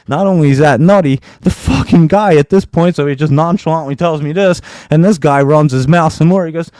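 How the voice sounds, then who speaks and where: A man spins a rambling story, swearing freely and chuckling as he talks. His voice sits at an ordinary middle pitch. The sound is close and dry, with no room around it. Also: a little fast, dry recording. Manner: profane, animated, laughs through his story. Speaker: live show host. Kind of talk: casual storytelling.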